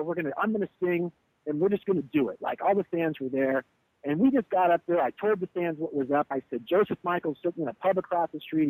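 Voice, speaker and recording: A man tells a tour story in an interview, swearing freely and playing out each line of the argument. His voice sits a little high for a man. The sound is dry and close, with no room around it. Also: no echo, poor audio. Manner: animated, profane, acts out quotes. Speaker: band leader telling a tour story.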